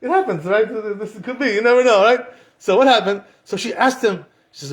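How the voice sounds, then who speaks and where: A man's voice: high voice, brisk. A man giving a casual Torah lesson as a rabbi, telling a story in a chatty way with Hebrew terms and acted-out quotes. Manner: chatty, peppered with "you know" and Hebrew terms, acts out quotes.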